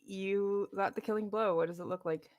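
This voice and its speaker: A woman's voice: mid-range voice, fairly even intonation, normal speed, darkish tone. A woman narrating as dungeon master in a casual, laughing way, with loose restarts. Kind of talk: narrating a tabletop game.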